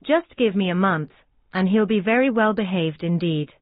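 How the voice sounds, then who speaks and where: Casting: woman voicing a smug plotting wizard, measured, tinny and dry. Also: medium pitch, no room sound, natural voice. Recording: dry, tinny phone-like sound.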